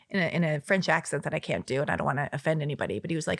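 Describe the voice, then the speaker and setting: A woman's voice: sits low, very fast, hardly any pauses, no room sound, clean studio sound. A woman in her forties from Los Angeles, telling stories as a podcast guest and acting out the quotes in them. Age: 40s. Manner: animated storyteller who acts out quotes. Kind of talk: casual chat.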